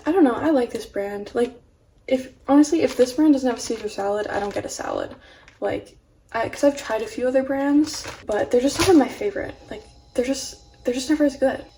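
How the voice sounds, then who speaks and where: A woman's voice: high voice, brisk, mellow. A young woman vlogging casually at home, rambling with lots of "like" fillers. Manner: chatty, rambling, many "like" fillers. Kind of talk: casual home vlog chat. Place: at home, in a room with a mini fridge. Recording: distant home camera with faint fridge hum. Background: humming mini fridge.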